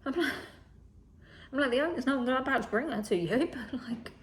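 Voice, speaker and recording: A young woman with a high-pitched voice talks a little fast as she casually tells a story. The vlogger swears freely, acts out quoted dialogue, and often goes down to a whisper.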